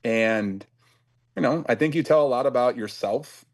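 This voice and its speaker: A man from Cleveland, a football coach, giving reflective interview answers in a thoughtful, measured and earnest way. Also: mid-range voice. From Cleveland, USA.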